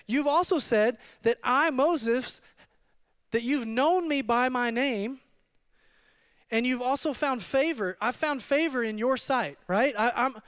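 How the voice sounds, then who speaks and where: A man preaching a sermon as pastor, telling his story in an animated, conversational way with frequent asides to the room. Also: high-pitched, clear, resonant tone. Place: church hall.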